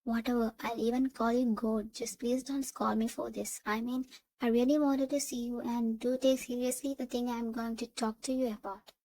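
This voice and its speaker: A woman's voice: fairly high pitch, flat delivery, moderate pace, warm tone, lightly acted. A woman voicing a flustered young woman student, nervous and pleading.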